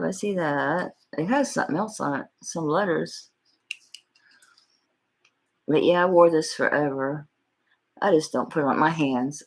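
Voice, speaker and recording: Casting: middle-aged Southern woman, low husky voice, folksy live-stream jewelry seller. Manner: folksy, chatty, talks to viewers by name. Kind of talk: live-stream sales chat.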